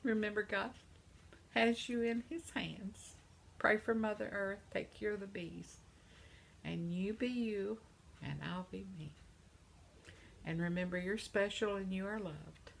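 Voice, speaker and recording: An older woman vlogging from home in a casual, reminiscing monologue, speaking softly and sometimes dropping to a whisper. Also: on the low side, unhurried, gravelly, a little hiss or hum. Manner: reminiscing, soft-spoken, trails off into whispers; affectionate sign-off to viewers.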